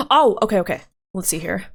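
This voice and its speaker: A woman's voice: mid-range voice, animated, fairly quick, breathy edge. A woman streamer chatting casually and thinking aloud as she works, with frequent giggles and fillers. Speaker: livestreamer. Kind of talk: casual livestream chat.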